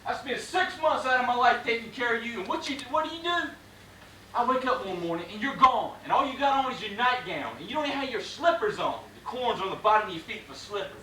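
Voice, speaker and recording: A man's voice: extremely high pitch, lively intonation, quick pace, a little hiss or hum, exaggerated voice. A man playing an exasperated, bitter husband in a live stage play, ranting at his wife. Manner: loud, ranting stage delivery. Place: theater stage. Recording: echoey stage sound, mic far off.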